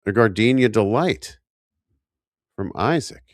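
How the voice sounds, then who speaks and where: Deep-voiced man recapping a TV episode. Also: animated, normal speed, no room sound, clean studio sound. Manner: rambling recap with jokey asides. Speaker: podcast co-host recapping episodes. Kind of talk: casual chat.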